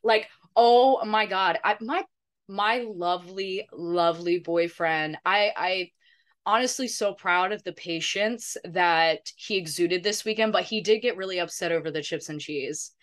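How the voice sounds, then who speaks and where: A woman's voice: on the low side, measured pace. A young woman co-hosting a casual podcast, telling stories animatedly with swearing and playful voice impressions. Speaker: podcast co-host. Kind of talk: casual chat.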